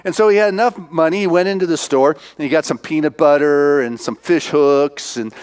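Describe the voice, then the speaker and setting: A minister retelling a film from the pulpit in a loose, chatty way, with many fillers. His voice sits a little high for a man. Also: brisk, darkish tone, smooth. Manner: casual storytelling, many fillers.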